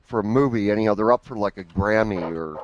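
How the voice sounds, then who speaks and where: A man's voice: fairly low pitch, fast, lo-fi sound, noisy background. A man chatting and joking on a casual group call from his computer at home, rambling with restarts. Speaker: call participant.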